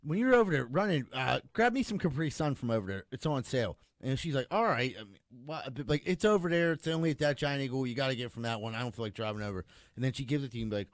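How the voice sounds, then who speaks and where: A man's voice: medium pitch, animated, fast, no echo, studio quality. A man co-hosting a casual podcast, joking and spinning out hypothetical scenarios. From Pittsburgh area. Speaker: podcast co-host.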